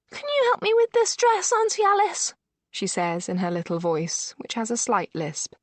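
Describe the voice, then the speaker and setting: A woman reads a first-person thriller audiobook in a measured, steady way. Her voice sits fairly low. The recording is dry and close, with no room around it. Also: creaky, no room sound. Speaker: audiobook narrator. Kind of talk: scripted first-person narration.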